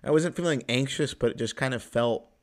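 A man in his twenties from the US Pacific Northwest, hosting a podcast and telling a personal story in a loose, profane way, with sudden jumps in pitch and loudness. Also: brisk. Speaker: podcast host. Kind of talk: casual storytelling monologue.

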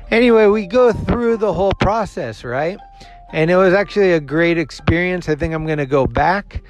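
A fairly high-voiced man hosts his own show and tells a rambling personal story in a casual monologue. He acts out everyone else's lines, swears freely and laughs at himself. Faint music plays behind him. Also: normal speed. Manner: animated, acts out the other people's lines. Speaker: show host.

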